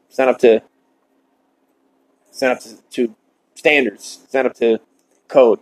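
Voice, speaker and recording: A man hosting a podcast, delivering a shock-comedy monologue in a deadpan, mock-earnest rant while smoking. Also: mid-range voice, normal speed, long pauses, poor audio. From Ireland. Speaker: podcast host.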